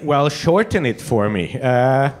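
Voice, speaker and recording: A man doing stand-up crowd work on a club stage, teasing the audience with quick asides. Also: mid-range voice, very animated. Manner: teasing, quick asides, frequent put-on quotes. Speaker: stand-up comedian hosting.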